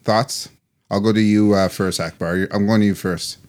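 A man's voice: fairly low pitch, fairly even intonation, moderate pace. A man co-hosting a casual sports podcast, loose and rambling, laughing often. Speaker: podcast co-host.

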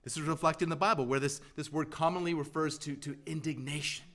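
Man preaching, emphatic, repeated questions, swings loud to hushed, a bit high-pitched. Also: steady tone, fast. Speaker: pastor. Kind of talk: sermon.

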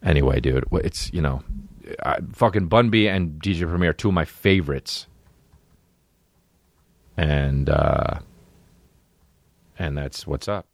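A man's voice: rumbling low, unhurried, vocal fry, pauses often, no room sound. A man hosting a comedy podcast, rambling and cursing through a casual solo monologue. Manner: rambling, profane, full of impressions. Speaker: podcast host.

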